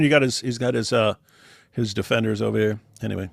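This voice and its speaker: A man's voice: lowish voice, fairly even intonation, fast, vocal fry, fairly bright tone, no echo, studio quality. A man hosting a livestream, talking in casual commentary, emphatic and repeating words as he keeps addressing his audience. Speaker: livestream host.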